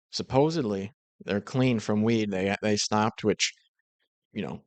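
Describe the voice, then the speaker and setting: Man, commentary voice, low pitch, dry close sound, sarcastic and critical. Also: no echo. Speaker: commentary host. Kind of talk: reaction commentary.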